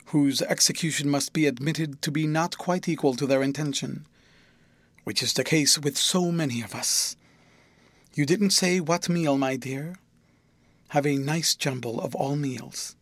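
A fussy, kindly guardian rambles on in a courteous, chatty way, as a male storyteller reads him. The voice sits a little high for a man. It is recorded close and dry, with no room sound. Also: no room sound, natural voice.

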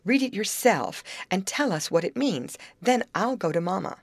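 Casting: a woman doing an eager, pleading teenage girl in a storybook reading, lively and rising, close and dry. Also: mid-range voice, moderate pace, vocal fry, dry recording, pitched above the performer's own voice.

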